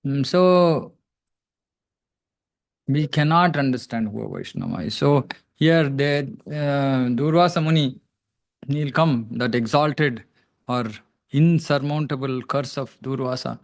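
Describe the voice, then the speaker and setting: A man leads a devotional scripture class, chanting Sanskrit verses and then reading out their translations. His voice sits at a middle pitch. He speaks reflectively and humbly, often stopping to search for the next word. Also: slow pace, gravelly, pauses often, dry recording. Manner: self-deprecating.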